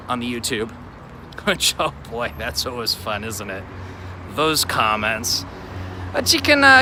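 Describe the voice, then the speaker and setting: A man hosting a casual walking livestream outdoors, rambling and poking fun at himself, filmed on a phone on a selfie tripod. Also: medium pitch. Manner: rambling and self-mocking. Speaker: podcast host. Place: city street outdoors. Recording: outdoor street with traffic noise.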